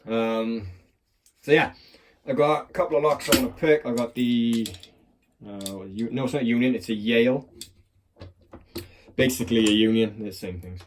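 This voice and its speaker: A man's voice: medium pitch, moderate pace, a little hiss or hum. A man chatting casually about picking locks, rambling and swearing with a self-mocking edge, recorded on a clamped phone. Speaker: lock picking hobbyist. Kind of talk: casual chat while demonstrating.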